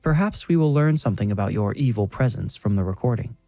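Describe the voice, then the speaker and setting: A man's voice: on the low side, lively intonation, fast, gravelly, warm tone, no echo, faint music behind. A man voicing a formal, slightly condescending woman ghost hunter in a horror story. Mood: prim. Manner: prim, formal, a bit condescending.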